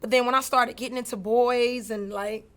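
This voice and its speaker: A woman's voice: a little high, normal speed. A woman, telling stories as a guest in a casual interview. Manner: animated, swings from quiet to loud, laughs while telling.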